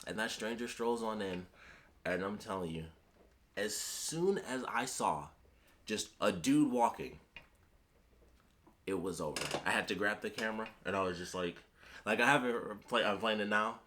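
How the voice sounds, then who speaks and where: A man with a fairly low voice reviews a show in loose, casual talk. He rambles, trails off and restarts, and he swears now and then when he gets worked up. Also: expressive, normal speed, pauses often, a bit bright, a little hiss or hum. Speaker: YouTube reviewer.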